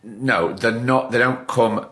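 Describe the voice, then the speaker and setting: A man's voice: mid-range voice, fairly even intonation, takes it slowly, fairly bright tone, roomy sound. A man hosting a podcast, giving short, encouraging replies to his guest. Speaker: podcast host. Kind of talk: casual interview chat.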